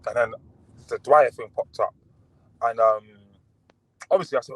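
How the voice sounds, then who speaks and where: A man's voice: medium pitch, normal speed, pauses often, husky, no room sound, rough recording. Chatty man, dry close sound. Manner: relaxed, chatty, full of fillers and restarts. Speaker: boxer guest. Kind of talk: casual podcast interview.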